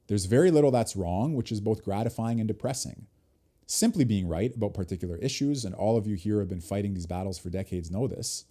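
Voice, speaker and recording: Low, mellow man reading an article aloud. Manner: reads text aloud, breaking off for brief asides.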